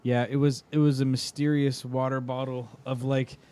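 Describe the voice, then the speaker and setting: A man's voice: medium pitch, level tone, moderate pace, a crowd in the background. A man in casual podcast chat who laughs a lot and swears casually.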